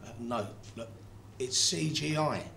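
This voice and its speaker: A man's voice: mid-range voice, a little slow, vocal fry, sharp tone, slight background noise. An actor playing a sarcastic, brusque film director who insults his cast.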